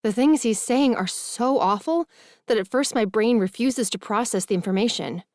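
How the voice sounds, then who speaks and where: A woman narrating a first-person romance audiobook in an expressive, emotional reading. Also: fairly high pitch, normal speed, dry recording, studio quality.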